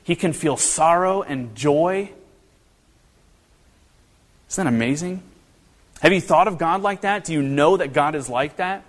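A pastor from northern Kentucky gives a sermon in a slightly high voice, speaking a bit slowly and pausing often. His delivery is conversational, with many rhetorical questions and restarts, captured in a hall with long reverb.

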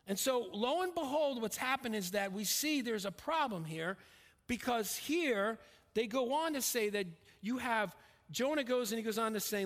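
A man preaching an expository sermon, emphatic, swinging between raised and hushed delivery. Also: sits high, big pitch swings, normal speed. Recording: long reverb of a large hall.

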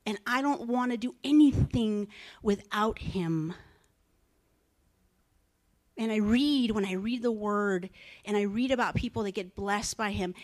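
An older woman preaches with raw feeling, repeating her phrases and sinking into hushed whispers before rising again. Her voice sits a little high. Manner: earnest, repetitive, drops to whispers. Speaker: church speaker. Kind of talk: emotional sermon.

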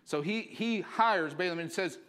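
A man's voice: high voice, a little slow, fairly bright tone. A male pastor preaching a sermon, telling the story casually and with energy, filling it with likes.

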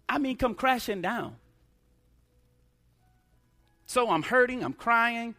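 A man's voice: very high-pitched, expressive, takes it slowly, long pauses, pushed and bright, faint music behind. A middle-aged man preaching a sermon testimony, emphatic, using call-and-response.

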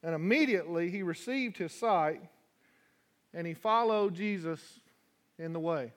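A man preaching a sermon as a guest preacher in a church, folksy and chatty, rising to loud fervent scripture reading. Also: high-pitched, unhurried. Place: church sanctuary.

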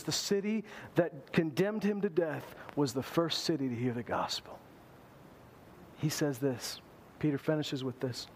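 A male pastor preaching a sermon in an animated way, acting out the voices he quotes. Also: on the high side, a little hiss or hum.

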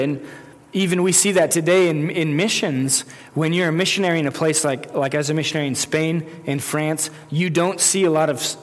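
A male pastor preaching a conversational sermon, correcting himself and acting out quotes as he goes. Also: a little high. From United States. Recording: long reverb of a hall.

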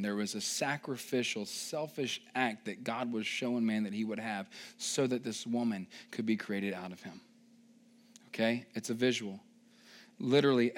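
A young adult male pastor preaching a sermon, emphatic and playful, building to loud excited stretches and tossing in joking mock voices. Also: medium pitch.

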